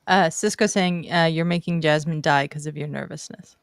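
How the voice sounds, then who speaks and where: A woman's voice: low voice, steady tone, normal speed, smooth, no room sound, clean studio sound. A woman hosting a casual talk show, giving short affirming replies and reading out viewer comments. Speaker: host. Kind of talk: casual chat.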